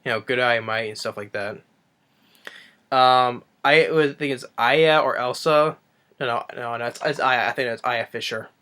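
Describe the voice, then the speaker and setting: A man's voice: mid-range voice, normal speed, pushed and bright. A man giving a casual spoken movie review, rambling with frequent restarts and self-corrections. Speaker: film reviewer.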